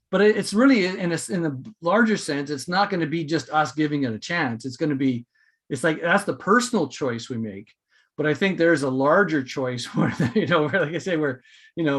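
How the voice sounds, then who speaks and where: A man's voice: a little high, a bit bright. A man hosting a casual spiritual podcast, talking in a rambling way with many fillers and restarts. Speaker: podcast host.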